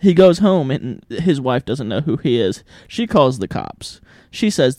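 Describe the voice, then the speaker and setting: Podcast guy telling a silly story, deadpan but bouncy pitch, dry sound. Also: measured pace, hardly any pauses, no room sound. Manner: deadpan storyteller, spins absurd scenarios. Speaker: podcast co-host. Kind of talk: casual comedic storytelling.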